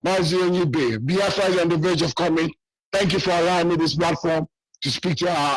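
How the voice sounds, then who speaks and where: A man's voice: on the high side, fairly quick, slight background noise, poor audio. A man from southeastern Nigeria, calling into a radio show with an urgent, rallying appeal while losing his voice. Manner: urgent, rallying, repeats key details. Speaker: caller.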